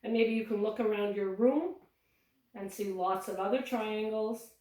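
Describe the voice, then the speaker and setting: A woman's voice: medium pitch, moderate pace, a little mellow. A woman teaching a cheerful yoga class for young children, giving encouraging step-by-step instructions. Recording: echoey room, voice from a distance.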